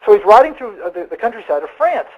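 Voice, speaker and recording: A man hosting a sales webinar, telling a story in an animated, conversational way with quick asides. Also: high-pitched, slightly rough, phone-quality sound. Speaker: webinar host.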